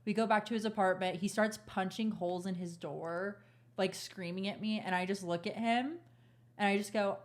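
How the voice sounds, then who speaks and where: A woman's voice: mid-range voice, steady tone, moderate pace. A young woman co-hosting a podcast, telling a personal story in a frank, profane, laughing casual chat. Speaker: podcast co-host.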